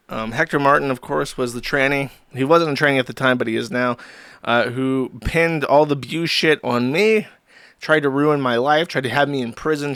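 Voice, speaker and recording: A man hosting a loose commentary stream in a crude, sarcastic and rambling way. His voice sits at an ordinary middle pitch and sounds dry and close to the mic, with no room sound. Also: vocal fry, a bit bright, no echo. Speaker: streamer host.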